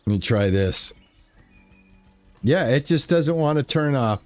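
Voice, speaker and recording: A man's voice: mid-range voice, animated, unhurried, darkish tone, dry recording, soft background music. A man chatting casually to his live chat while playing a farming game, rambling and easygoing. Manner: laid-back, rambling, talks to chat. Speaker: streamer.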